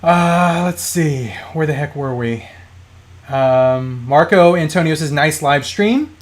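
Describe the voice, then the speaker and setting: A man in his thirties with a slightly raised pitch, hosting a live stream about toy collecting. He talks casually and loosely, full of fillers and false starts, as he reads comments and tells stories. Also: slow pace. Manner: rambling storytelling with many fillers and restarts.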